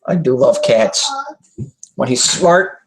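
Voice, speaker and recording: A young adult man hosts a live online talk show in a husky, slightly breathy voice that sits at an ordinary middle pitch. He rambles loosely and casually, correcting himself mid-sentence, filling pauses and swearing offhandedly. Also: animated, rough recording. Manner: loose and chatty, many fillers, self-corrections and laughs.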